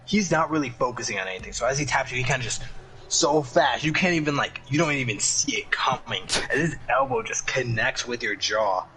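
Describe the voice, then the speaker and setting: Excitable young man running a tabletop game. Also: medium pitch, brisk, over loud music, poor audio. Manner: loose, excitable, full of fillers and laughs. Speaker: game master. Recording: faint background noise.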